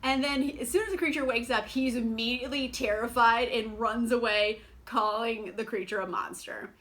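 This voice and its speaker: A young adult woman casually reviewing books on her vlog, chatty and sarcastic, full of fillers and quick laughs. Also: a little high, steady tone, a bit bright. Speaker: book vlogger.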